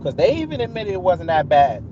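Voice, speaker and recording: A man with a high-pitched voice talks back to his chat while driving, sarcastic and combative. The sound is dull and lo-fi, caught on a phone inside the car. Steady road noise runs clearly underneath him. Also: brisk. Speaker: streamer answering live chat. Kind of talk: live-stream commentary while driving.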